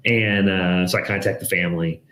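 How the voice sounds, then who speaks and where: A man, a downsizing expert, telling animated stories in a casual interview and acting out the people he quotes. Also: low voice, fairly quick, echoey room, slight background noise. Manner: animated storyteller, acts out quoted voices. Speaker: guest, downsizing expert and TV host.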